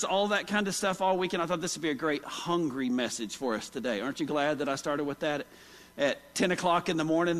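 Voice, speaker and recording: High-voiced preacher in a reverberant church. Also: male voice, fairly bright tone. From Oklahoma. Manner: folksy storytelling, asks the congregation questions. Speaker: pastor. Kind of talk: sermon. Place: church sanctuary. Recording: long hall reverb.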